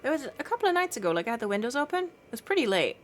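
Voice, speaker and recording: A woman's voice: sits high, big pitch swings, racing, slight background noise. Chatty, giggly woman streamer. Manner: chatty and giggly, baby-talking to her cat. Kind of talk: casual chat with stream chat.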